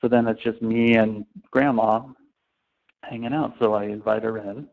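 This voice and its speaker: A man as a sales trainer, telling anecdotes in a casual, animated way. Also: fairly low pitch, moderate pace, creaky. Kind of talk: storytelling talk. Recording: tinny phone-like sound.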